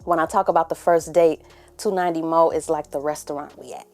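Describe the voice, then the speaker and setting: A young adult woman hosting her own podcast, talking candidly to the camera and sometimes dropping to a hushed murmur. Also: sits low, fairly even intonation, fairly quick, faint music behind. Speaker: podcast host. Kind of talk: casual emotional monologue to camera.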